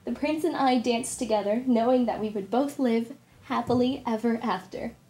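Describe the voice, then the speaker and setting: A woman's voice: fairly high pitch, moderate pace, dark tone, close to an everyday voice. A young woman playing a kind storybook princess, telling a story and teaching children in a sweet, cheerful, teacherly way. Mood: storytelling. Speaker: party character performer.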